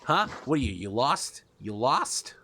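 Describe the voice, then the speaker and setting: A man's voice: mid-range voice, big pitch swings, a little slow, creaky, bright, forceful tone, a little hiss or hum, exaggerated voice. A man playing a swaggering giant rat king. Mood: boastful. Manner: swaggering, brash, full of filler.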